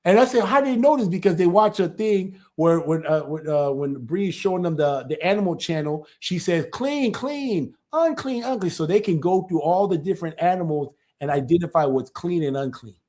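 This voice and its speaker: A man, a church elder, talking through an informal teaching in a lively way, often repeating himself and asking "right?". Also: a little high, brisk, hardly any pauses. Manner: animated, keeps checking in with "right?"; repetitive, stumbles and restarts.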